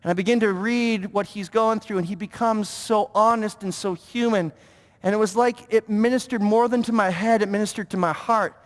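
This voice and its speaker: Pastor guy preaching, really high voice, keeps tripping over his words, big church reverb. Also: moderate pace. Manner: animated, stammering repetitions, mock-pious impressions. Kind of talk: sermon. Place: church sanctuary. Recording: long reverb of a church hall.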